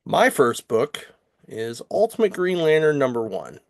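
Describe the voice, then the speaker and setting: Podcast co-host, male, unhurried, rambling comic recap with lots of ums. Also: a little high, sing-song, no room sound, studio quality. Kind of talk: casual comic book chat.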